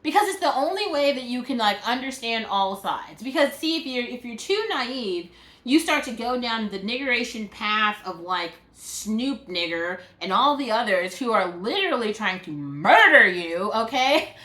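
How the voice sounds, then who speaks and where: A woman's voice: fairly high pitch, very animated, normal speed, pushed and bright. A woman delivering a frustrated, profane vlog rant, full of "like" fillers. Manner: exasperated, profane, many "like" fillers. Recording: roomy echo.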